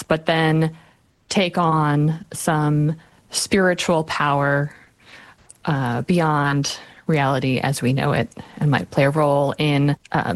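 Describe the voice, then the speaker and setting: A woman speaking as a guest author in an interview, explaining in a measured way. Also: sits low.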